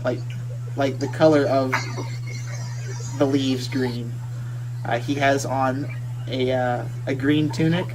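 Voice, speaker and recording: A man narrating a tabletop game as game master, halting and full of restarts. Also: medium pitch, noisy background. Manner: halting, many fillers and restarts.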